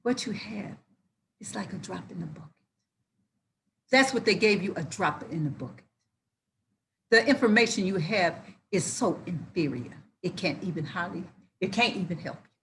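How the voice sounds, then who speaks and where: A woman reading scripture aloud and preaching on it with excitable energy that often rises into hollering. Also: fairly low pitch, normal speed, vocal fry, long pauses, slight background noise. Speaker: Bible teacher.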